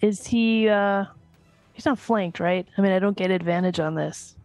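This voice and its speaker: A woman playing a tabletop game, relaxed and thinking aloud about her moves. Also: medium pitch, moderate pace, no room sound, faint music behind. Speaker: player.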